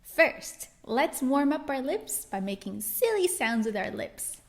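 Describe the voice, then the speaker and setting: A woman's voice: sits high, big pitch swings. A woman teaching a children's phonics lesson, sounding out letters carefully and giving cheerful praise. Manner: slow, cheerful, exaggerated praise for kids. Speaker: reading teacher for young children.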